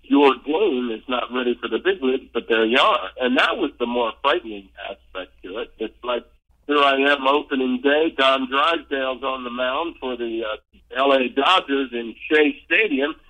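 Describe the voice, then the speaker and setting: A man's voice: medium pitch, normal speed, rough recording. An older man, a former ballplayer, telling long rambling stories in an interview, full of fillers and restarts. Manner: rambling, lively storyteller with many fillers and restarts. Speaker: former pro baseball player, interview guest. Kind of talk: relaxed anecdotal storytelling.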